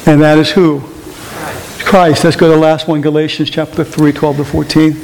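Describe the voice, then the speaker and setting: Animated preacher man in a reverberant hall. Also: a little high, moderate pace, vocal fry. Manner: animated storytelling with mimicked voices. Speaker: pastor. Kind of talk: sermon. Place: church sanctuary. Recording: reverberant hall with faint hiss.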